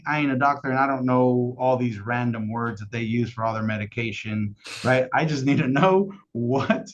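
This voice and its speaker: A man's voice: medium pitch, slight background noise. Upbeat man training sales agents. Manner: energetic, keeps asking "right?". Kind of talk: casual training call. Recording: dull lo-fi call audio.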